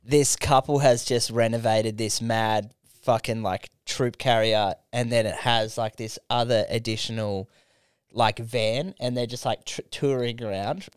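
A young man co-hosting a casual podcast, rambling through sweary stories and mimicking people in high voices. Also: fairly even intonation, a little slow, clear, resonant tone, no room sound, studio quality. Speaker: podcast co-host.

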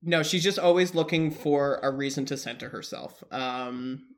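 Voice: mid-range voice, normal speed. A co-host in a casual chat who jokes wryly and talks through a point at length. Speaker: podcast co-host. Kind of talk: casual reality-TV recap chat.

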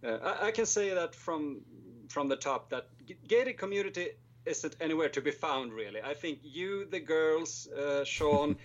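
A man's voice: on the high side, lively intonation, normal speed, hardly any pauses, highs cut off, slight background noise. A man in his twenties with a Swedish accent, a filmmaker guest making dry jokes at his own expense in casual chat. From Sweden. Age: 20s. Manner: self-deprecating, dry humor.

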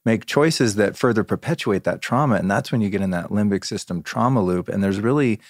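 Deep-voiced man, reflective interview guest. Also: no room sound, studio quality. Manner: reflective, measured, with frequent restarts. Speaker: podcast guest. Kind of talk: candid conversational interview.

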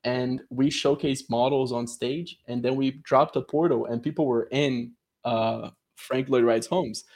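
A man talks about his work on a video call in a relaxed, explanatory way, his mid-range voice steady, unhurried and a little mellow. He's enthusiastic, laughs often and keeps dropping in "you know."

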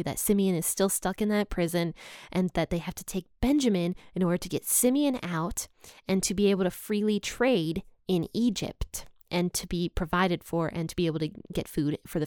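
A woman teaching a Bible study, retelling the story in a casual, lively way and acting out the characters' panic, often amused. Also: fairly low pitch, clean tone, no room sound, clean studio sound.

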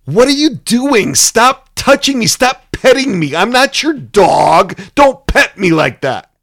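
A man playing an irritated man, raised exasperated protest, pitched up, dry sound. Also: very animated, slow, gravelly, a bit bright, no echo, full character voice. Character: irritated man pushing away a partner.

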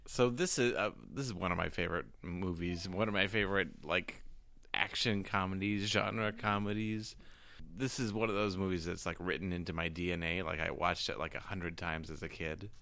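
A man's voice: low voice, fairly even intonation, normal speed, vocal fry, bright, forceful tone, no echo. A man co-hosting a podcast, chatting casually about a favorite movie, rambling and restarting his sentences. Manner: rambling, self-interrupting. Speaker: podcast co-host. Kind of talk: casual chat.

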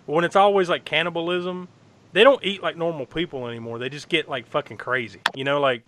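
A man in casual podcast chat, excitedly recapping a horror film, swearing freely, laughing often and acting out lines. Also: fairly high pitch, fast, background noise.

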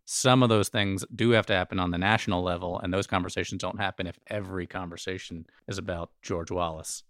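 A man hosting a podcast, measured and steering the discussion in casual chat. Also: low-pitched, fairly even intonation, a bit bright, dry recording, studio quality. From Alabama. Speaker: podcast host.

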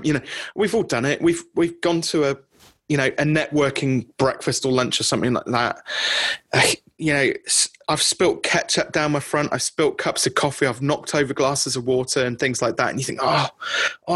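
A man's voice: mid-range voice, fairly bright tone, breathy edge, no echo. A middle-aged man coaching business owners on a group call, in a conversational way that keeps checking in with the listeners. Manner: conversational, often checks in with "okay?".

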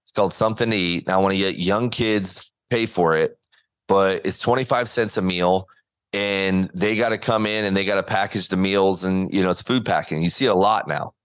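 A man's voice: deep voice, moderate pace, fairly bright tone, clean tone, dry recording. A man, a guest on an interview podcast, telling a story earnestly and acting out the quotes. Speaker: guest, former baseball pitcher. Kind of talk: conversational interview.

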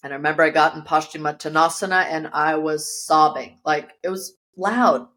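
A woman's voice: deep voice, normal speed, fairly bright tone. A woman guest in an interview, telling a personal story vividly and acting out the voices of the people in it, recorded in her yoga studio. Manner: vivid storyteller who acts out quoted voices.

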